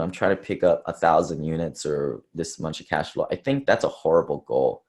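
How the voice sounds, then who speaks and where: A man's voice: low-pitched, darkish tone. A man speaking casually at an investor conference, rambling with fillers and self-deprecating asides. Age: under 30s to early 40s. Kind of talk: casual presentation talk.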